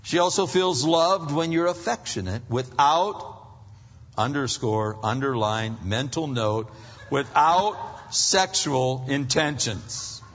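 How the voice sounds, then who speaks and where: A man preaching a conversational sermon to husbands, animated and acting out little bits of dialogue. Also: medium pitch, slow. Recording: muffled, reverberant hall.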